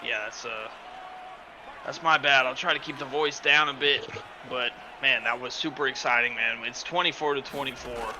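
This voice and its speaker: A man doing play-by-play commentary for a simulated football game, excitable and bursting into shouts on big plays, his home microphone distorting when he yells. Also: medium pitch, moderate pace. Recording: loud game crowd and noise underneath. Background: stadium crowd sound from the game.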